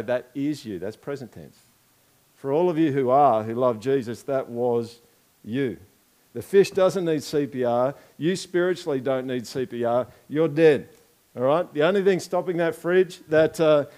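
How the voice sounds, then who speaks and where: A man's voice: medium pitch, dark tone. A man with an Australian accent preaching a conversational sermon, joking and throwing rhetorical questions at the congregation during an object lesson. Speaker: pastor.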